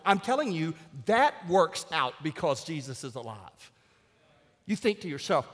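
A man preaching a sermon as pastor, telling stories with wry humor that builds to loud exclamations. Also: high voice, huge pitch swings, a little slow, breathy edge. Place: church sanctuary. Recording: long hall reverb.

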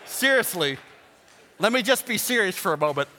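A man preaching a sermon as pastor, animated and joking, swinging from hushed asides to shouts. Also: high voice, moderate pace, slight background noise. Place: church sanctuary. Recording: long hall reverb.

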